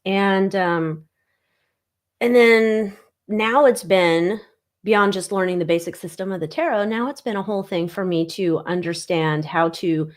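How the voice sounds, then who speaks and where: A woman's voice: medium pitch, unhurried. A woman in her forties hosting a casual livestream chat as a tarot reader, rambling and sarcastic, swearing freely and often trailing off with "I don't know.". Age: 40s. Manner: trails off with frequent 'I don't know'.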